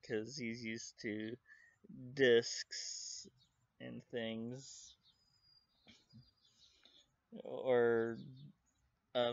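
Guy rambling thru a review super slowly, lots of laughs, dry dull lo-fi sound. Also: mid-range voice, smooth, no room sound. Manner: rambling, excitable, laughs often. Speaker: anime reviewer. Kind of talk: casual spoken review. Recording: dull lo-fi recording.

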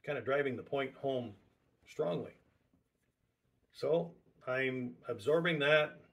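A man preaching a sermon in a slightly husky, breathy voice at an ordinary pitch. He talks conversationally and circles back on key words again and again to drive his point home. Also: takes it slowly, a bit bright.

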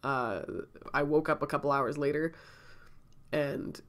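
A woman's voice: low voice, steady tone, a little slow. A woman telling a casual story-time vlog while sick and out of breath, chatty and rambling, often laughing and coughing between thoughts. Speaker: vlogger.

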